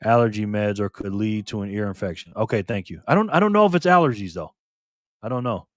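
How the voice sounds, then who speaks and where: A man's voice: on the low side, lively intonation, quick pace, dry recording, clean studio sound. Man chatting casually on a live stream. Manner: loose, talks to chat viewers by name, repeats himself.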